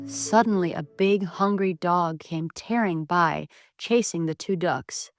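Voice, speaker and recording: A woman reading a bedtime story aloud in a gentle, expressive way. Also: on the low side, unhurried, few pauses, dry recording, soft background music.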